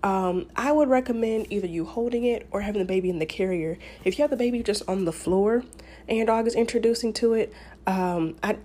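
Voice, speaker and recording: A woman's voice: medium pitch, mellow. A woman hosting a podcast, giving casual advice in a chatty, rambling way with many fillers and restarts. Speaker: podcast host.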